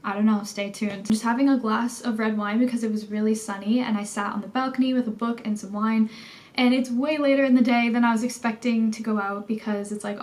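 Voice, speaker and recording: A young woman with a Canadian accent tells a story in a loose, chatty way, dropping "like" often. Her voice sits a little high. She talks casually to her camera from indoors at home. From Canada, Toronto. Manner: chatty, animated storytelling, many "like" fillers. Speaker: vlogger.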